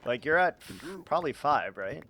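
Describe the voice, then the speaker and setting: A man's voice: a little high, very animated, normal speed, sharp tone, soft background music. A young man streaming a game, chatting casually to his chat in a rambling, joking, self-mocking way with frequent chuckles.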